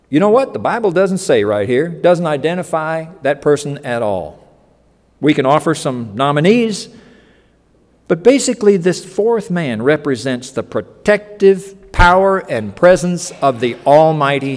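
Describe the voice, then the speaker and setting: A pastor preaching a sermon in a folksy, joking way, acting out quotes, in a church hall. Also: male voice, on the high side. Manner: folksy, animated, joking asides and acted-out quotes.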